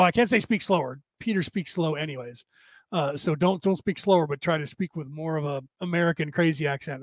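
Man, livestream host, rambling, chuckling, strained tired voice, fairly high pitch. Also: no echo. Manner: rambling, chuckling, searching for words. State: tiring, strained voice. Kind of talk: casual livestream chat answering viewers.

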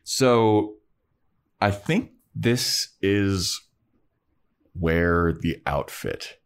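A man's voice: very slow, smooth. A man co-hosting a podcast, recapping a TV episode in casual chat and acting out the characters' lines. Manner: animated recapper who acts out characters in high falsetto voices.

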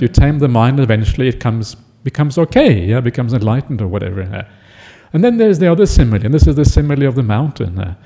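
A man's voice: mid-range voice, mellow. A man, a Buddhist monk, giving a chatty dharma talk and often checking in with listeners. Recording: echoey hall.

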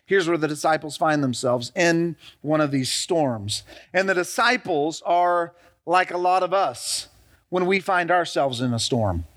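A man's voice: a little high, a little slow, fairly bright tone. A middle-aged man preaching a sermon as pastor, retelling scripture and asking the congregation call-and-response questions.

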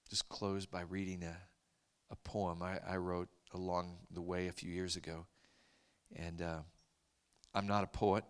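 A man preaching a sermon, telling a story in an earnest, soft-spoken way that sinks to a near whisper at tender moments. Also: low voice, clean tone. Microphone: handheld mic, later set aside to talk loud off-mic.

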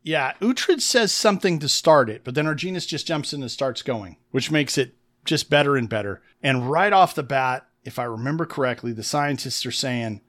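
A man's voice: medium pitch, lively intonation, normal speed, hardly any pauses, fairly bright tone. A man co-hosting a podcast, casually recapping a tabletop game episode with enthusiasm and making little mouth sound effects as he tells it. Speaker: podcast co-host. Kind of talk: casual chat recapping an actual-play game.

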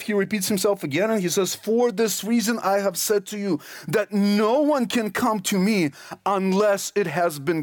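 A man preaching a sermon, reading scripture slowly and pressing each point with emphasis. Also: sits high, no echo, clean studio sound. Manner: emphatic, slows down to stress scripture phrases.

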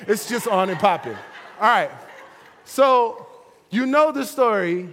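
A young man presenting a playful storytelling sermon for families, animated and laughing often as he plays with action figures. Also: sits high, slow, big-room sound, a little hiss or hum. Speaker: children's ministry presenter.

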